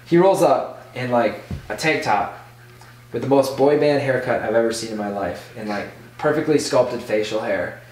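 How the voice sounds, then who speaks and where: A man who is a podcast guest telling a casual story in an animated way, full of "like". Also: medium pitch, moderate pace, far from the mic. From Michigan. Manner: animated, full of "like", acts out voices in quotes. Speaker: podcast guest, BMX rider. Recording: echoey room, off-mic.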